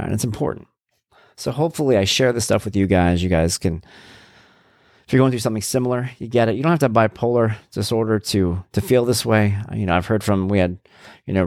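A man's voice: low-pitched, dry recording, clean studio sound. A man in his thirties hosting his own show, speaking in a candid, reflective personal monologue full of fillers and restarts. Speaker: blogger and podcast host.

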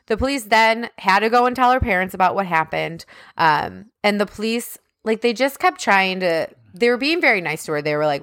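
A woman's voice: medium pitch, expressive, a little fast, fairly bright tone, dry recording. A woman co-hosts a true-crime podcast in a loose, chatty manner, leaning on "like" between phrases. She sounds opinionated as she retells the case, in a middle register. The recording is dry and close, with no room sound. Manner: chatty, heavy use of "like" as a filler. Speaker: podcast co-host. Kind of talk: casual true-crime chat.

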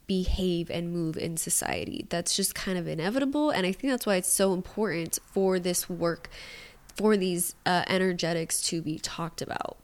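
Frank, casually swearing podcast woman. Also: lowish voice. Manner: drops to quiet asides. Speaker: podcast host. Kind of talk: solo podcast monologue.

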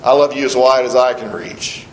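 A man voicing a gentle, patient father rabbit from a storybook, read aloud calmly. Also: medium pitch, normal speed, roomy sound, pitched below the performer's own voice, close to an everyday voice, poor audio.

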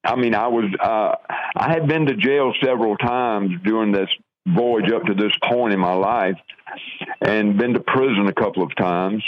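Older man, low voice, lo-fi radio. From Georgia, US. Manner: plain-spoken, halting storytelling with restarts. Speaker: guest telling his conversion testimony. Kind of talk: personal testimony in an interview.

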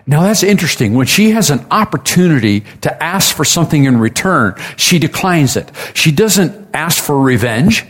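A man's voice: fairly high pitch, lively intonation, normal speed, few pauses, a bit bright. Man preaching a sermon, retelling with asides. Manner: storytelling with chuckles and asides, acting out quotes.

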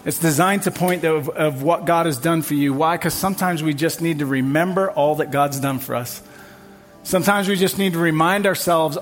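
A man's voice: on the high side, moderate pace, soft background music. A man preaching a sermon at a church service, emphatic and building on repeated refrains. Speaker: pastor.

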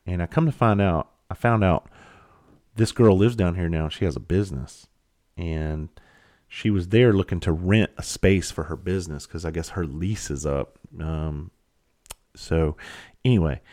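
A comedian telling a personal story in a slightly low voice. He talks bluntly and casually, swearing freely as he goes. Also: moderate pace, pauses often, darkish tone. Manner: blunt, profane, conversational. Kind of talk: storytelling monologue.

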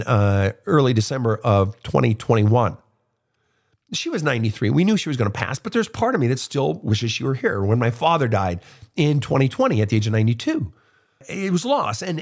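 A middle-aged man hosting a casual advice monologue, blunt and profane as he answers listener questions. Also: a little high. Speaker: host, soul counselor.

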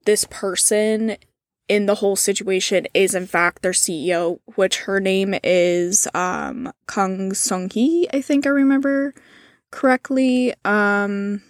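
A woman talking casually on a podcast, her speech loose and full of "like" and "um" as she recounts events. Her voice sits at a middle pitch and sounds close and dry, with no room around it. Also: fairly even intonation, slow, no echo. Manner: casual, many fillers, reads out quotes in a subdued tone. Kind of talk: casual chat.

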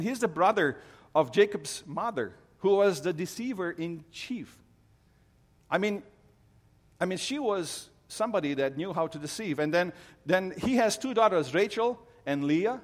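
A middle-aged man preaching, his voice sitting a little high for a man. He tells the story earnestly, often stumbling and restarting mid-phrase. His words ring out with a long reverb, as in a large hall. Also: animated, normal speed. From Romania. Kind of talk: sermon on a Bible story.

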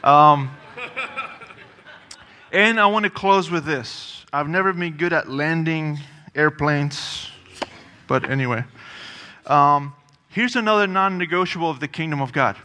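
Preacher guy, bright punchy voice, chatty and emphatic, big hall echo. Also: fairly high pitch, a little slow. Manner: conversational and emphatic, with frequent asides and repetition. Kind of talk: sermon.

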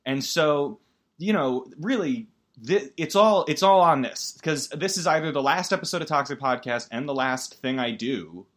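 A man's voice: lively intonation, normal speed, a bit bright. Rambling, self-deprecating male podcast host. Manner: rambling, self-deprecating, full of stammered restarts and sudden jumps in pitch. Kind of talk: comedic solo podcast monologue.

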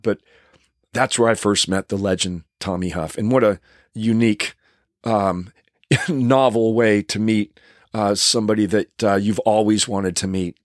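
A man's voice: fairly low pitch, dry recording, clean studio sound. An older man, a stuntman, telling a casual anecdote in a rambling way with many restarts.

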